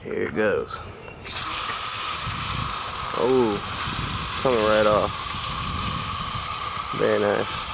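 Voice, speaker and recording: A man's voice: lowish voice, drawn-out words, creaky, long pauses, heavy background noise. A man chatting casually in a slangy, laid-back way as he narrates a vlog from his garage workshop. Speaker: motorcycle vlogger.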